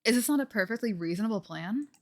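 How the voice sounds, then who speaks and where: With game music blaring in the background, a woman on a livestream voices a scheming ancient spirit that has possessed a young woman. The character speaks formally and condescendingly in archaic phrasing. Her natural, medium-pitched voice is expressive and fast.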